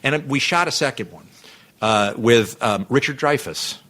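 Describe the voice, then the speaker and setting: Guy on a podcast, bright clear voice, rambly storyteller who keeps restarting. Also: medium pitch, lively intonation, measured pace. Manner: rambling, self-interrupting storyteller. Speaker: podcast guest. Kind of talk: casual anecdote telling.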